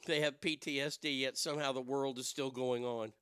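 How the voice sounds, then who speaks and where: Man, radio host, bright crisp voice, profane ranting, dry studio sound. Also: medium pitch, fairly even intonation, a little fast, no room sound. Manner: profane, building to shouted outrage. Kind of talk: storytelling and ranting.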